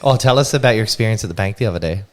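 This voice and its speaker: A man's voice: lowish voice, animated, racing. A young man co-hosting a podcast, chatting easily and steering the talk to new topics. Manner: easygoing, prompting topics. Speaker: podcast co-host. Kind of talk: casual chat.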